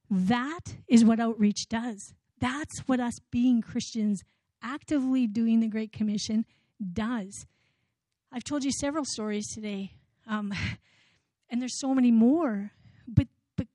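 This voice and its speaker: A woman's voice: a little high, warm tone, no room sound. A woman giving an earnest church testimony as an outreach worker, telling stories with emphatic repetition. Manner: earnest storytelling with emphatic repeats.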